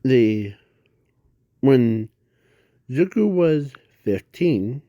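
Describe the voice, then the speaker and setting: Very slow, halting man rambling a story. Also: medium pitch, animated, mellow, dry recording, dull audio. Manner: halting, rambling, with constant restarts and self-corrections. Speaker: fan storyteller. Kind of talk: casual improvised fan story.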